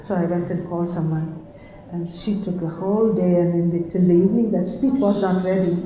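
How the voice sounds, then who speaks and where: An older woman reminiscing about her past in a halting, casual way, repeating words and laughing often. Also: on the low side, fairly even intonation, warm tone, slight background noise. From India. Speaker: storyteller recalling her past. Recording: very echoey room.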